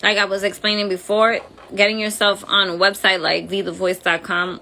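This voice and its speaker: A woman's voice: on the low side, bright, forceful tone. A woman with an accent hosting a casual phone livestream, chatty and friendly, using informal slang. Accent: accented English. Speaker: livestream host.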